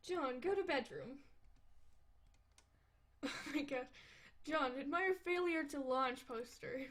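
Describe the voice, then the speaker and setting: A woman reading a webcomic aloud on a stream, often breaking off to laugh and comment. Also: sits high. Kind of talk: casual read-aloud with asides. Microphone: desk microphone.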